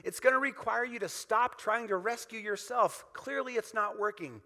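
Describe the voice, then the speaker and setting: Pastor, male, high bright voice, emphatic repeating sermon delivery, hall reverb. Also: normal speed, hardly any pauses. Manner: emphatic, repetitive call-and-response preaching.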